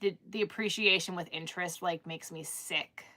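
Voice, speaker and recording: Bright-voiced chatty woman live streamer. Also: fairly low pitch, steady tone, moderate pace. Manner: rambling, chatty, lots of "like" and restarts. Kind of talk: casual live stream chat.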